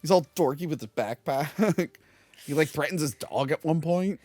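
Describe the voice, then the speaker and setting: A podcast co-host in a casual movie review chat who rants with animated energy and laughs often. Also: medium pitch, no echo. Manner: animated, ranting, quick to laugh.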